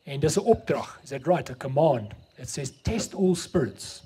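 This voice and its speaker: A man's voice: on the high side, animated, moderate pace, dark tone, slightly rough. A middle-aged South African man with an Afrikaans accent, preaching a sermon and telling a story, mixing English and Afrikaans.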